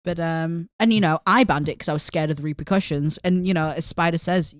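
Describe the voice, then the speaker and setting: A woman's voice: deep voice, brisk, dry recording, studio quality. A tired woman co-hosting a podcast, chatting casually and agreeably, with lots of fillers. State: tired, yawning. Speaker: podcast co-host. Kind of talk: casual chat.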